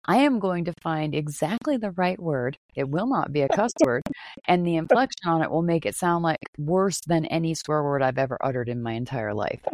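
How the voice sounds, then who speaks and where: A woman hosting a casual chat, frank, expressive and playful. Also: sits low, no room sound. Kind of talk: casual conversation.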